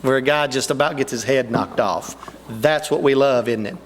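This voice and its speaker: A man's voice: mid-range voice, normal speed, a little hiss or hum. An older man preaching a sermon to his congregation, building emphatically toward his key points. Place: church sanctuary. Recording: long reverb of a church hall.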